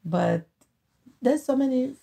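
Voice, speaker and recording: A middle-aged Haitian woman, whose first language is Haitian Creole, speaks with a Haitian accent as a guest in a casual conversation; she is the host's mother. She talks earnestly and from the heart, often repeating phrases, in a high, expressive, warm voice with vocal fry, taking her time.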